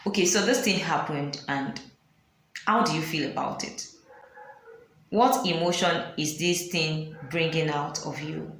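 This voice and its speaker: A woman's voice: low-pitched, a little slow, slight background noise. A Nigerian woman giving a motivational talk to camera on her channel, earnest and repeating her key points. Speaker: vlogger. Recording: very echoey room.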